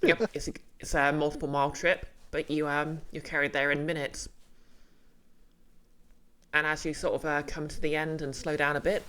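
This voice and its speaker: A game master talking through a tabletop session. The delivery is casual and a little halting, full of small fillers, at an ordinary middle pitch. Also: flat delivery, fairly bright tone, clear, resonant tone.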